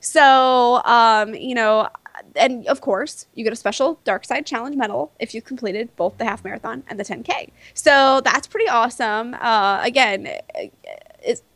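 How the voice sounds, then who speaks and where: A woman co-hosting a podcast in casual chat, chatty and quick to react. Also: on the high side, fairly bright tone, no room sound. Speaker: podcast co-host.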